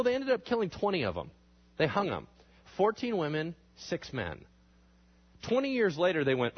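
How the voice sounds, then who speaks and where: A man teaching a history class in a lively lecture style, asking the class questions and acting out quotes in exaggerated voices. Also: on the high side, fairly quick, husky, dull audio.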